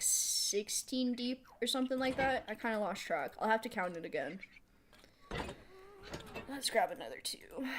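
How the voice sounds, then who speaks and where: A woman streamer giving casual live gameplay commentary. She thinks out loud while she builds, answers chat aloud and laughs often. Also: medium pitch, noisy background. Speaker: streamer playing a building game.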